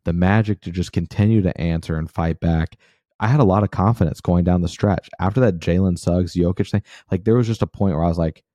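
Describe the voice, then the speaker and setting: A man's voice: deep voice, fairly quick, mellow, no room sound. A man co-hosting a sports podcast, fired up and casual, with slang and lots of filler words. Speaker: podcast co-host. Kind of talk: animated sports podcast chat.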